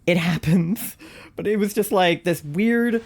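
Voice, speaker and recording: A young adult live streamer casually telling a story to chat, animated and wry, laughing often. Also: measured pace. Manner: animated, laughs often, big swings in pitch.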